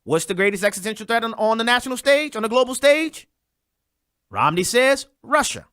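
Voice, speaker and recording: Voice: mid-range voice, lively intonation, a little fast, fairly bright tone, clear, resonant tone, no echo, studio quality. A host delivering a sarcastic political commentary monologue, talking straight to listeners and mocking the people discussed.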